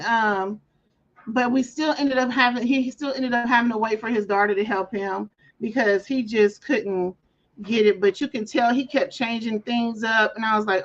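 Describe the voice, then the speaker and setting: A woman's voice: on the high side, a bit bright, lo-fi sound. A woman hosting a casual craft livestream, chatting and telling stories, sometimes acting out voices. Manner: chatty storyteller, acts out callers' voices. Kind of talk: casual chat.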